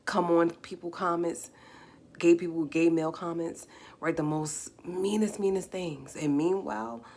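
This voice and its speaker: A woman with a New York accent and a slightly raspy voice, hosting a live stream and talking emphatically, firing off rhetorical questions. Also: lowish voice, steady tone, measured pace, darkish tone. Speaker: livestream host. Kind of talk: casual live commentary.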